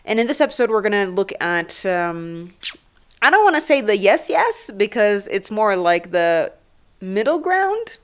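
A young adult woman hosting a podcast, rambling and swearing in a fast, casual comedic monologue. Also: medium pitch, very animated. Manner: profane, rambling, fast-talking. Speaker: podcast host.

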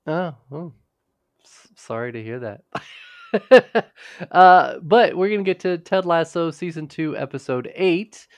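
A man's voice: a little high, lively intonation, takes it slowly, no echo. A man co-hosting a podcast, casually recapping a TV episode in a rambling way, with frequent restarts. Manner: rambling, restarts often, quotes characters in passing. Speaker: podcast co-host.

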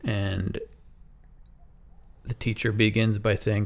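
A man's voice: fairly low pitch, steady tone, measured pace, creaky, a little mellow. A man co-hosting a podcast, improvising a bedtime story with hesitant, rambling asides and dry humor. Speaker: podcast co-host.

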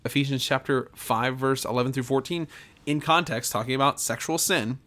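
A man's voice: mid-range voice, a little fast, a bit bright. A man, a pastor, preaching to his podcast audience in an earnest, emphatic way, often repeating himself and restarting phrases.

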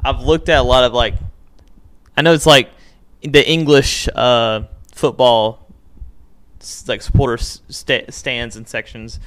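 A man co-hosting a casual podcast, talking haltingly and stumbling over words. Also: medium pitch, fairly even intonation, fairly bright tone. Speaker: podcast co-host.

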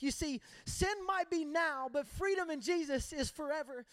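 High-voiced man preaching with passion. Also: animated, a little slow, a bit bright, no echo. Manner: impassioned, emphatic preaching with personal stories. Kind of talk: sermon.

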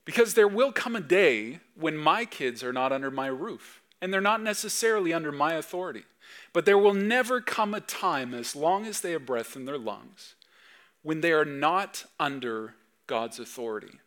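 A man in his thirties, a pastor preaching a sermon with emphatic swings between loud and soft. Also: fairly high pitch, animated, normal speed. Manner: acts out dad talking to his kids.

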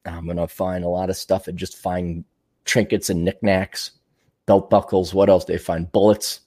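A man's voice: low-pitched, little pitch movement, normal speed, a little mellow. A man hosting his show, talking in a casual, digressive monologue, laughing often and swearing freely. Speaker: show host.

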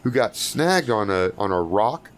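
A man's voice: fairly low pitch, very animated, a little slow. Man running a tabletop game, loose and profane. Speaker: game master.

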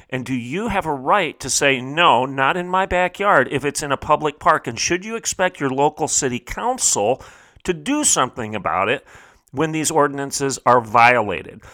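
A middle-aged radio talk show host speaks in a bright, forceful, mid-range voice, building his monologue through emphatic, preacher-like rhetorical questions. The studio sound is close and dry, with no room sound.

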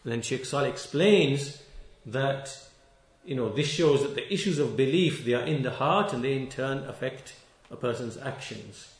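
A male preacher speaks at a mid pitch, leaning hard on key words and repeating them for emphasis. He rattles off scripture recitations quickly between points. The sound carries a noticeable room echo. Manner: recites Quranic verses in Arabic quickly. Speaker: Islamic preacher. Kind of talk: sermon.

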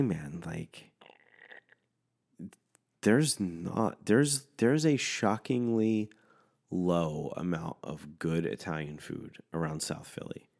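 A man with a very low, deep voice tells a story in a loose, animated rant. He swears at nearly every turn and fills his sentences with "like". His delivery is casual and heated. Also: creaky. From Philadelphia area. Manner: animated, swears constantly, heavy "like" fillers.

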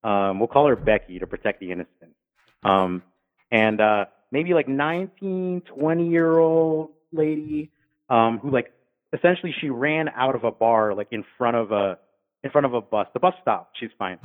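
A man casually telling funny stories from his paramedic work, acting out the people he met in high voices. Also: normal speed. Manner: animated, acts out drunk patients in high voices. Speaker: guest, former paramedic. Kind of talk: casual storytelling. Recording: tinny phone-like sound.

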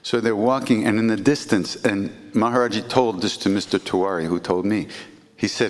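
Low-ish guy rambling through old stories, lotta "you know," echoey reverb. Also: steady tone, a little fast. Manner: rambling, warm storytelling with restarts and "you know". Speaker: podcast host, storyteller. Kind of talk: casual spoken storytelling.

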